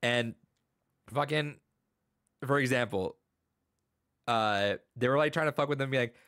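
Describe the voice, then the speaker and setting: A man hosting a podcast in casual chat, retelling a story in an animated, rambling way with many restarts. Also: mid-range voice, unhurried, clear, resonant tone, dry recording, clean studio sound.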